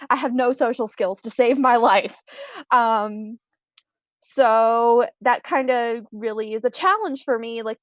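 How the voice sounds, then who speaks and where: Young woman on a video call, kinda high voice, umming and restarting a lot, roasting herself. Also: no room sound. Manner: rambling, self-deprecating, many ums and restarts. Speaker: screenwriter guest. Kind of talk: casual live-stream interview.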